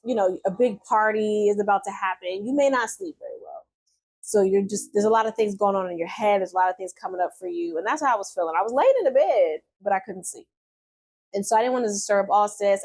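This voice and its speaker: Woman vlogger, 30s, mid-pitched, chatty personal storytelling, loose and candid. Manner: candid and chatty, with frequent fillers and soft laughs.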